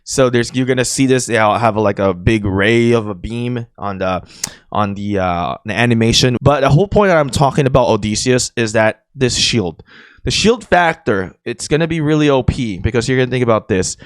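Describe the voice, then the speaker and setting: A man of middle pitch hosting a gaming video in a loose, chatty way, talking through what he clicks on screen with fillers and restarts. His voice sits close and dry on the mic, with no room around it. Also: moderate pace, clean tone, dry recording. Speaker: gaming channel host. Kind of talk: casual game commentary.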